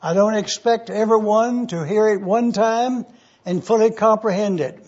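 Male preacher, high husky voice, deliberate repeated phrasing, muffled recording. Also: darkish tone. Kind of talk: numbered teaching sermon.

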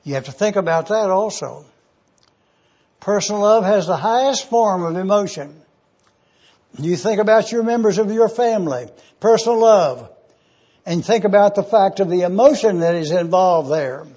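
A man preaching a numbered teaching sermon, speaking slowly and deliberately and repeating key phrases. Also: high voice, lively intonation, mellow, muffled recording.

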